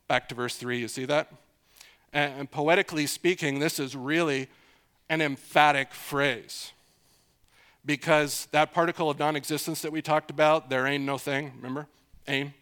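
A man's voice: fairly high pitch, steady tone, moderate pace, fairly bright tone, smooth. A middle-aged man preaching an expository sermon in a conversational way, repeating phrases for emphasis and asking his listeners questions.

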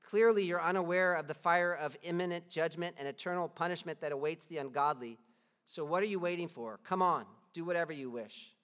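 A calm, defiant old martyr who speaks with firm emphasis, as a preacher acts him out. The voice sits slightly high, with the long reverb of a big hall behind it. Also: male voice, a little fast, clean tone, natural voice.

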